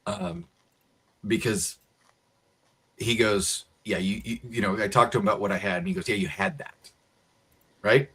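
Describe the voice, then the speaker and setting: Animated American man telling a story. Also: fairly low pitch, normal speed, creaky, long pauses, husky. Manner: animated storyteller acting out quotes. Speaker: co-host. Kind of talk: casual chat, storytelling.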